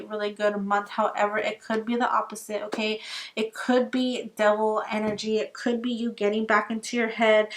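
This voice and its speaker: Young female tarot reader, casual chatter, higher voice, a touch worn out. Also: fairly bright tone. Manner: chatty, filler-heavy, addresses viewers as guys. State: tired, losing her voice.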